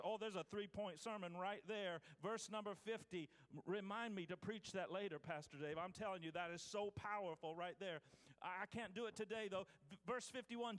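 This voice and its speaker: A man's voice: sits high, a bit bright, long reverb tail. A man preaching a sermon as pastor, reading scripture aloud with restarts and calling out to his congregation.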